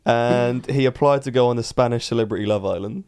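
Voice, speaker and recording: A man's voice: mid-range voice, fast talker, a little mellow, smooth. A man co-hosting a podcast, reading out quiz clues in a playful, teasing way and laughing often. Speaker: podcast co-host. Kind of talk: casual chat, quiz game.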